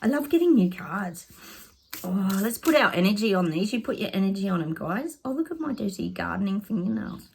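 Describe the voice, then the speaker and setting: A woman talking casually to viewers as a psychic vlogger. She chats excitably while pulling oracle cards and often calls her audience "guys". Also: medium pitch, fairly quick, gravelly, slight background noise. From Australia. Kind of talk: casual oracle card reading to camera.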